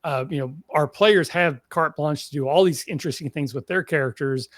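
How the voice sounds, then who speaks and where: A man's voice: a little high, a little fast, no echo, clean studio sound. A man with a Kentucky accent, chatting casually on a tabletop gaming podcast, rambling with lots of fillers. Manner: rambling, filler-heavy, animated. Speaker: podcast panelist.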